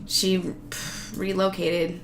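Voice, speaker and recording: A woman's voice: fairly low pitch, flat delivery, slow. A woman talking in a loose, meandering, profane way, giggling as she vlogs casually to her viewers. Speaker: vlogger. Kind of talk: casual rambling monologue. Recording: roomy echo, faint background noise.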